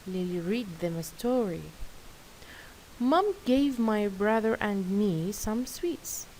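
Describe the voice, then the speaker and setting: Slow, patient female teacher with faint hiss. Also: medium pitch, dark tone, rough recording. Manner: patient, praising, careful and slow. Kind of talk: classroom lesson, reading workbook answers.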